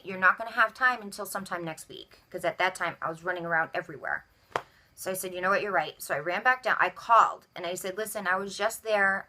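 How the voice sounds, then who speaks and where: Woman, young adult, vlogger, storytelling rant, animated, bright voice, acts out dialogue. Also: lowish voice.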